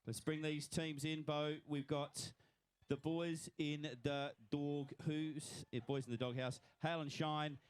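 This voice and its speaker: A man's voice: fairly high pitch, little pitch movement, takes it slowly, clean tone. A man with an Australian accent, commentating live at a swim finish line and congratulating each swimmer by name.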